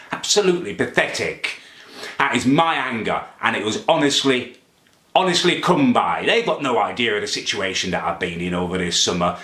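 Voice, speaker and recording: In an echoey room, a man in a comic vlog plays a pompous, petty young man whose indignant rant to camera keeps erupting into angry outbursts. His mid-range voice sounds pushed and bright.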